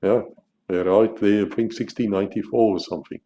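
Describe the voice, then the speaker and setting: A man's voice: on the low side, fairly even intonation, a little fast, warm tone, highs cut off, slight background noise. A South African man talking bluntly as a channel host, restarting and repeating words as he argues his point. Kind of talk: opinionated monologue to camera.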